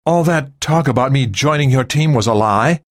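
A man's voice: medium pitch, normal speed, pitched above the performer's own voice, natural voice. A man voicing a wary young woman who asks pointed, incredulous questions in an audiobook. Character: wary female flight attendant, incredulous.

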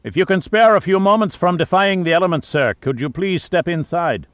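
A man's voice: high-pitched, a little fast, dry recording, dull audio, voice pushed up, lightly acted. A man voicing a polite, anxious young male naval officer who pleads with his captain, in a storybook reading. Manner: deferential, pleading.

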